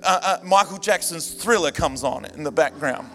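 A man preaching a sermon to a church, animated and humorous, rising to shouts at times. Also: on the high side, moderate pace, few pauses. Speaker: pastor. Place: church hall. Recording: reverberant church hall with music. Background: band music.

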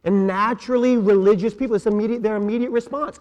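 A pastor delivers his sermon in a raised, high voice, hammering on key words and putting questions to his listeners. The sound carries a long reverb from a large church sanctuary. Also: fairly even intonation, fast talker, darkish tone. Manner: emphatic, repeats key words, asks the congregation questions. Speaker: senior pastor.

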